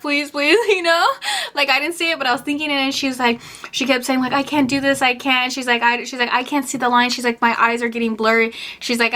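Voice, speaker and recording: A woman's voice: fairly high pitch, pushed and bright. A young woman telling a story in a chatty vlog, full of fillers and acted-out quotes. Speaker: vlogger.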